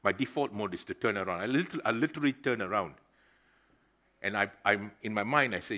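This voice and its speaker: A middle-aged man preaching a sermon, telling a personal story in a conversational, animated way and speaking straight to the congregation. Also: on the low side, brisk. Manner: conversational, addresses the congregation directly; animated storytelling with swings in loudness.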